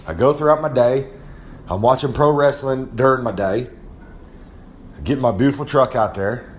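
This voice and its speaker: In a mid-range voice at normal speed, a young man with a Southern American accent rambles in a folksy drawl, with slight background noise. The wrestler is doing a podcast segment from his home trailer and names himself in the third person.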